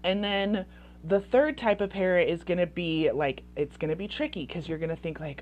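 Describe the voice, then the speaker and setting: A woman's voice: on the low side, lively intonation, a little fast, a little mellow, a little hiss or hum. A woman coaching parents in casual advice talk, chatty and full of "like" fillers. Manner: chatty, heavy use of "like" fillers.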